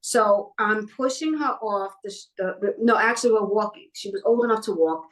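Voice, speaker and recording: A talent manager from New York, middle-aged, is the guest in a casual interview. Her voice is medium-pitched and moderately paced as she animatedly tells personal stories and impersonates the people involved.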